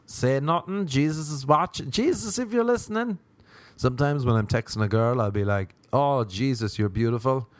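Animated Irish man doing stand-up. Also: moderate pace, no room sound. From Ireland. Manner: animated, jumping to high pitch when acting out others. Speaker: comedian. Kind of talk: stand-up comedy monologue.

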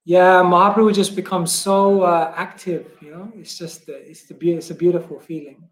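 Recorded in an echoey room, this British monk, a guest who also distributes books, speaks at a moderate pace in a voice that sits high. He's a lively storyteller in a relaxed interview, laughing and using many fillers.

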